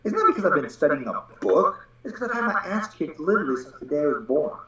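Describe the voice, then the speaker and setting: A blunt, swearing man holds forth as a Taoist teacher in a loose podcast chat, slipping into other people's voices as he tells stories. His voice booms around a strongly echoing room, and the sound is dull and muffled. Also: very animated, fast talker, a bit bright. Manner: blunt and profane, acts out quoted voices. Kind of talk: casual podcast conversation.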